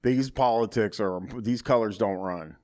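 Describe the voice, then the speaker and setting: A man hosting a casual podcast chat, reading online reviews aloud with dry, deadpan asides. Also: fairly low pitch, measured pace.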